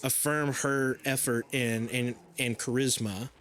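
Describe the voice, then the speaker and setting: A young adult man chats casually on a podcast, spinning stories in long rambling runs. His pitch sits in an ordinary middle range, and a faint hiss lies under the talk. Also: measured pace. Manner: animated storyteller, talks in long rambling runs. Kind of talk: casual conversational chat.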